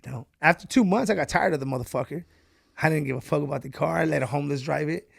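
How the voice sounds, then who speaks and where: A man's voice: fairly high pitch, fast talker, creaky, husky, no echo, clean studio sound. A man from Mexico, a podcast guest, telling stories casually with plenty of swearing and "bro". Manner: profane, emphatic, says "bro" often. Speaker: entrepreneur guest.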